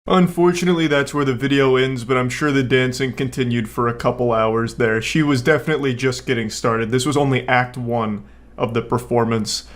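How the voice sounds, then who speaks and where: A young man talks in a dry, deadpan way, sarcastic and unhurried, with casual swearing mixed in. His voice sits at an ordinary middle pitch for a man. He rambles through fillers as he comments on a clip. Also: a little hiss or hum. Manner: relaxed, unhurried storytelling with frequent fillers. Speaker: YouTube commentator.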